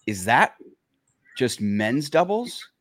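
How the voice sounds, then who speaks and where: A male podcast host speaking haltingly with many fillers in casual chat. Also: medium pitch, sing-song, a bit bright, dry recording, studio quality.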